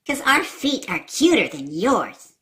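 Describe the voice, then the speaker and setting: A woman voicing a smug little girl who taunts a boy slowly. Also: fairly high pitch, big pitch swings, fairly bright tone.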